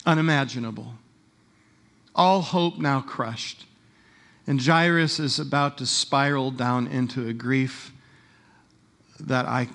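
A man preaching a sermon as pastor, retelling a story with animated delivery and slowing down for emphasis. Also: mid-range voice, creaky.

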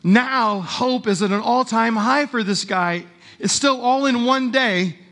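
A man preaching a sermon as pastor, retelling a story with animated delivery and slowing down for emphasis. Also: extremely high pitch.

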